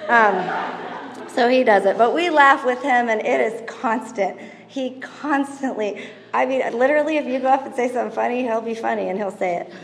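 A woman's voice: on the high side, normal speed, gravelly. A middle-aged woman teaching a parenting class in a chatty way, telling stories about her kids, laughing and mimicking them. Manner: moves around constantly while talking. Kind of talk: casual teaching talk to mothers. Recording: roomy hall reverb, faint background noise.

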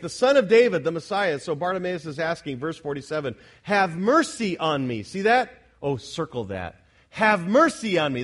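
Male pastor, slightly high voice, conversational sermon that climbs from hushed asides to near-shouting. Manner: swings from quiet asides to loud, shouting emphasis; conversational, asks the congregation questions, self-correcting. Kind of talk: expository sermon.

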